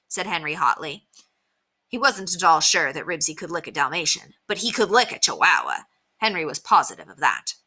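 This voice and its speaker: Expressive woman reading a children's book. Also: low voice, moderate pace, slightly rough. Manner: expressive storytelling. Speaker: teacher.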